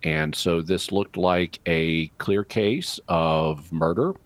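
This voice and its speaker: Deep-voiced man explaining things on radio. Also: no echo. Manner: explanatory, measured, drawn-out stresses. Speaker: radio show expert answering callers. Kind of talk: live call-in radio talk.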